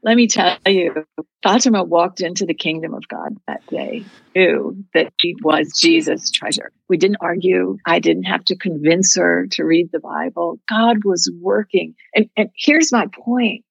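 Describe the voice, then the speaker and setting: A woman's voice: lowish voice, expressive, measured pace, gravelly, breathy edge, no echo, highs cut off. A woman guest telling a personal faith story in an earnest, heartfelt, reflective way. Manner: heartfelt, reflective, speaks of prayer and scripture.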